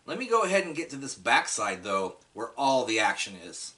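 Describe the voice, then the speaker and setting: Chatty man reviewing food, bright tone. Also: mid-range voice, big pitch swings, brisk, distant mic. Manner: enthusiastic, chatty, addresses viewers directly. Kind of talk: casual food review vlog.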